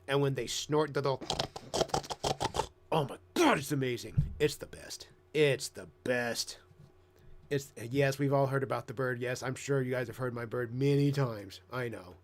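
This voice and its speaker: Laid-back streamer guy, mid-pitched, swears freely, rambles. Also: unhurried. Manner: profane, rambling, bursts into excited squeaky voices mimicking himself. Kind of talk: casual live-stream chat. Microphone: headset.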